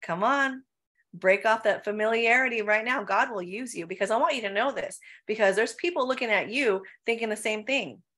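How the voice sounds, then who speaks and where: A woman pastor of Filipino heritage preaches during a church Q&A session in a slightly high, pushed, bright voice at normal speed. She fires off emphatic rhetorical questions, often adding "right?" and "come on."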